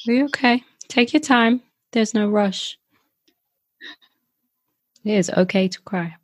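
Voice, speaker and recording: A woman interviewer speaking gently and reassuringly. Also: mid-range voice, takes it slowly.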